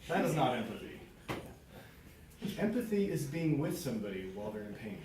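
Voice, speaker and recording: A man's voice: mid-range voice, very animated, brisk, noisy background. A man giving a prepared speech to a small club audience, earnest, acting out short example dialogues. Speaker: club speaker. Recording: very echoey room, mic far off.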